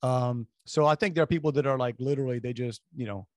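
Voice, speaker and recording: A man's voice: mid-range voice, fast talker, no room sound. Male co-host, casual storyteller who rambles and restarts, dry studio sound. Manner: rambling, animated anecdotes with restarts. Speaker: radio show co-host.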